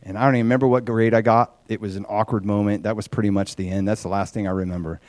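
A man's voice: lowish voice, very fast, dry recording. Earnest man preaching through a story. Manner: earnest, animated. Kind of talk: sermon storytelling.

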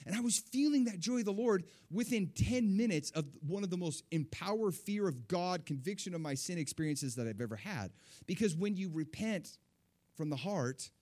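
Here a preacher shares a personal anecdote in an excitable, animated way. Reliving his moments of joy, he lets his voice lift high.

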